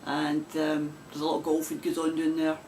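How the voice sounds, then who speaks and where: A woman's voice: low-pitched, monotone, normal speed, noisy background. A woman with a broad Glasgow Scottish accent hosting a knitting podcast, chatting casually to camera with frequent laughs and rambling asides. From Scotland.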